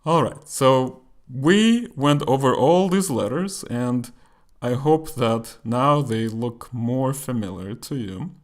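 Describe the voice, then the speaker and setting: A man teaching a language lesson, explaining slowly and carefully and repeating example words, a native Russian speaker. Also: mid-range voice, lively intonation.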